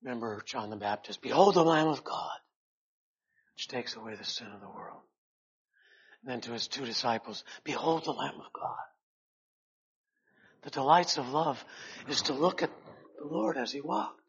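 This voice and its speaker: A man preaching a sermon in a slow, earnest way, rising loud and then dropping to a hush. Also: mid-range voice, slightly rough, lo-fi sound.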